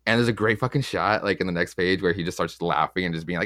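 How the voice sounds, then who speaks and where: A man's voice: low voice, fast talker, few pauses, bright, forceful tone, dry recording, studio quality. Casually swearing man recapping comics. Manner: rambling, loose, swears often, acts out quotes. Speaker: podcast co-host.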